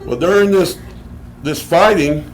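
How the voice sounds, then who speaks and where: A man telling a comic story on stage, animated, laughing through it and swearing freely. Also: fairly high pitch, unhurried. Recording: live crowd noise around the voice.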